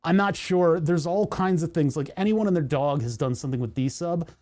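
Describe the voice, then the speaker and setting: A man's voice: fairly high pitch, normal speed, a little mellow. A young man from the United States, chatting casually on a live stream, rambling through jokey rants and laughing often.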